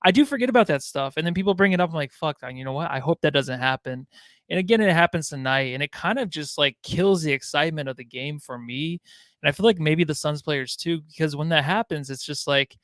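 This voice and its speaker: A man with a fairly high voice co-hosts a casual sports podcast. He rambles loosely, throwing in swearing and filler. The sound is dry and close. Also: quick pace, a bit bright, dry recording. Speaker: podcast co-host.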